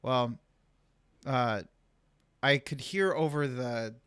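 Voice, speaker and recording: A man's voice: mid-range voice, slow, fairly bright tone, clean tone, dry recording, clean studio sound. A young adult man on a casual podcast, telling a family story with frequent laughs. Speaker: podcast co-host. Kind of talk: casual chat.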